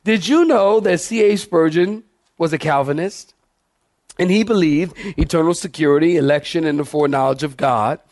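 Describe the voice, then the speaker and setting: A male pastor preaching a sermon in church, animated and calling out to the congregation for responses. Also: a little high, normal speed.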